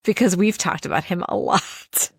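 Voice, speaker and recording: A woman's voice: mid-range voice, moderate pace, creaky, breathy edge, no room sound, clean studio sound. A woman co-hosting a podcast in casual chat, rambling a little and laughing often as she asks her co-host questions. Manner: rambling, with many fillers.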